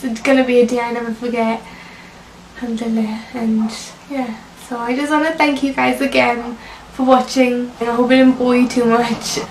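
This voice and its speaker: Young woman vlogger with a high voice, chatty and emotional personal telling; roomy, distant recording. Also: level tone, moderate pace, a little hiss or hum. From Britain. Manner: chatty, emotional, many fillers like "like" and "you know". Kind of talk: personal story told to camera. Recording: echoey room, mic at a distance.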